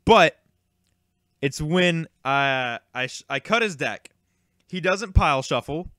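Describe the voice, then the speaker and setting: A man's voice: on the high side, animated, takes it slowly, a bit bright, no room sound, clean studio sound. A young man casually telling a long, rambling, exasperated story about a card game tournament, with frequent fillers and swearing. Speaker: YouTube card game creator.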